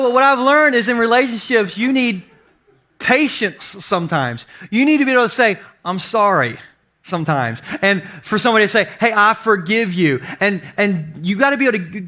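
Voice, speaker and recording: Bright-voiced, high-pitched male pastor. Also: brisk. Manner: animated, self-deprecating, acts out quotes. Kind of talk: humorous storytelling sermon. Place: church stage before a congregation.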